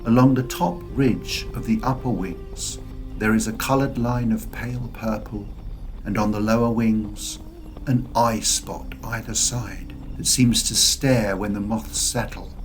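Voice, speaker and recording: Male audiobook narrator, unhurried and expressive, soft music under. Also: lowish voice. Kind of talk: scripted fantasy narration.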